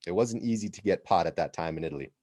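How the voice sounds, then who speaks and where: An American man hosting a podcast, telling a travel story in an animated, casual way and laughing as he goes. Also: deep voice, fast, no room sound. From United States. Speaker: podcast host.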